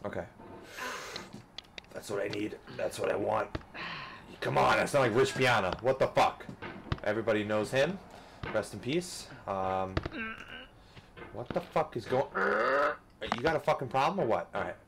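A man giving profane, frustrated commentary over a game, ranting and cursing, swinging between yelling and muttering. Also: fairly low pitch, measured pace, vocal fry, long pauses, background noise. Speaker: gaming youtuber.

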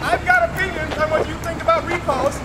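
A man's voice: very high voice, steady tone, fairly quick, over a noisy crowd, heavy background noise. A worked-up man confronting someone in a building hallway, firing off demanding, repetitive rhetorical questions into a handheld camera. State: agitated, worked up. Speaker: citizen confronting a legislator. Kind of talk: loud confrontational ambush. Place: indoor government building hallway.

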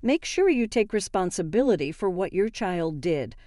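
A woman's voice: lowish voice, sing-song, moderate pace, dry recording, clean studio sound. A woman voicing a stern, imposing grown man who speaks sharply and gives orders. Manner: sharp, commanding.

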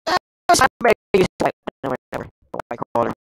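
A woman giving casual gameplay commentary, excitable, yelping and exclaiming at the game with lots of slang. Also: low-pitched, quick pace, gravelly, poor audio. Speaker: gameplay streamer.

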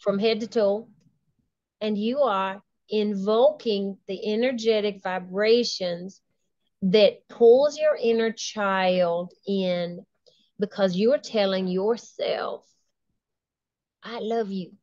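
A woman talks with eager enthusiasm as an interview guest, often laughing and circling back to restart her sentences. Her voice sits at an ordinary middle pitch. The sound is dull and lo-fi, with a dry, close feel and no room around it. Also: slow pace, a little mellow, no room sound. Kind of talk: casual interview talk.

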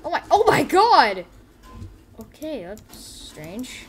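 A woman's voice: high-pitched, slow, soft background music. Goofy, rambling woman narrating a game. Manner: goofy, rambling, excitable storytelling. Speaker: gameplay commentator. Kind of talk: casual gameplay commentary. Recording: keyboard typing and clicks audible.

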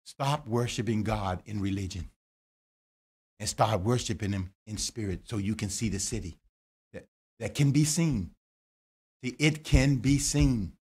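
A man preaching a sermon in a lively, joking way, with quick asides and calls to the congregation. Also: lowish voice, slightly rough. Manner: lively preaching with jokes and laughter. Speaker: pastor.

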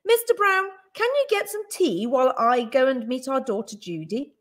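A teacher voicing an excitable, kind-hearted middle-aged mother in a picture book, full of exclamations. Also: high-pitched, moderate pace. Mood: excited. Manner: exclamatory and fussing.

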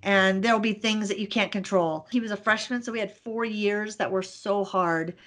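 A middle-aged woman guest on a podcast, telling personal stories in a casual, animated way and laughing often. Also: mid-range voice, normal speed. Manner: animated storyteller, laughs often, acts out her own thoughts. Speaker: podcast guest, business owner. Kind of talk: casual interview.

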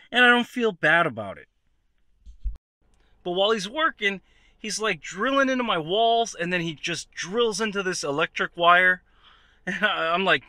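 A man spins a comic story straight to the listener, talking in a lively, conversational way. His voice sits high and bright, swooping up and down constantly, and the recording is close and dry. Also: no echo. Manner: animated, conversational, addresses the viewer directly. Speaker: comedian. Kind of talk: comedic storytelling monologue.

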